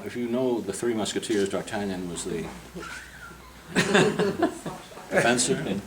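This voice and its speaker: A man's voice: fairly low pitch, noisy background. Older man telling a humorous story. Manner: humorous, digressive, acts out quoted voices. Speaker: portrait painter giving a club tour. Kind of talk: anecdotal storytelling to a group. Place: club interior, in a room with a group.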